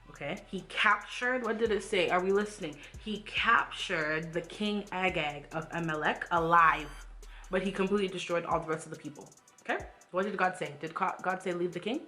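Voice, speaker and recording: A woman's voice: fairly low pitch, sharp tone. A woman leading a Bible read-along, reading aloud and adding emphatic commentary full of rhetorical questions. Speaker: Bible study vlogger.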